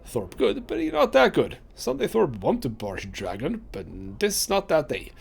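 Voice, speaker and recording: A man's voice: a little high, huge pitch swings, moderate pace, vocal fry, breathy edge, voice pushed up, exaggerated voice. A man doing a hulking dim brute warrior. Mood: plodding. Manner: broken simple speech. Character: huge dim-witted male brute warrior.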